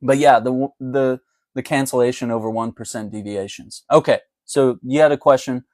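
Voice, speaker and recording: A man's voice: medium pitch, steady tone, moderate pace, a little mellow, no echo. A man doing a casual live chat about politics, talking in a loose, conversational way with frequent laughs. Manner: chatty and conversational, laughs often. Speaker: political commentator.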